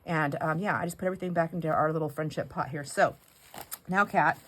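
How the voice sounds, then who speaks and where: A woman's voice: quick pace, low-quality recording. Gushing woman craft vlogger. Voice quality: goes squeaky when excited. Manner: gushing, rambling with self-corrections. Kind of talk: casual chat while opening mail.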